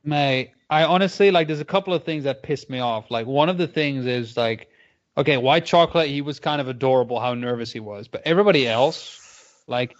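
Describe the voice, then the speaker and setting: A man's voice: mid-range voice, brisk, highs cut off. A man co-hosting a boxing podcast in casual, rambling chat, swearing a lot and laughing often. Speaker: podcast co-host.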